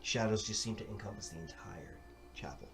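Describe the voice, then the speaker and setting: A man running a tabletop game as dungeon master, narrating the scene slowly and dramatically with casual fillers. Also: fairly low pitch, expressive, gravelly, distant mic, loud music behind the voice.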